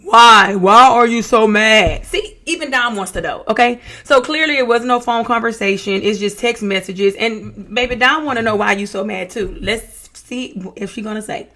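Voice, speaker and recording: A woman's voice: fairly high pitch, normal speed, hardly any pauses, a bit bright. A young woman giving casual reaction commentary, reading text messages aloud and adding sassy asides, often calling people baby and honey. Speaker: true-crime reaction vlogger.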